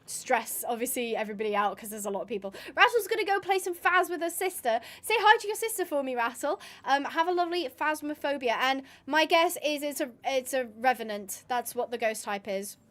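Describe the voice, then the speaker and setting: A woman's voice: high voice, animated, brisk, few pauses, fairly bright tone. A young woman chatting casually on a live stream while she plays, rambling with lots of fillers and restarts. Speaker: streamer and roleplayer.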